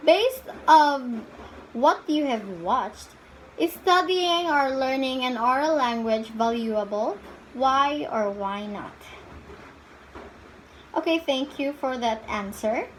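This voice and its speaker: A woman teacher giving slow, deliberate instructions to her students in a classroom lesson. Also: high-pitched, poor audio. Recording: faint background noise.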